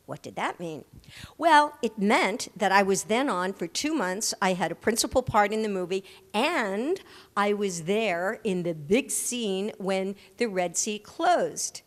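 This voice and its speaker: An older woman, an actress, telling lively anecdotes as the guest in a live stage interview, acting out the people she quotes. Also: mid-range voice, unhurried, in a large hall. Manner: animated anecdote-teller who acts out the people she quotes. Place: large hall at a live audience event.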